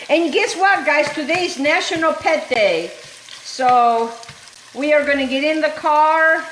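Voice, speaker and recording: This is a high-voiced woman from Calabria who hosts a cooking vlog, chatting in an animated, wandering way. She keeps calling the viewers guys. The kitchen sounds echoey, with a pan sizzling faintly behind her. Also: a little hiss or hum. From Calabria, Italy. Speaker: cooking show host. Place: home kitchen. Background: sizzling pan, stirring.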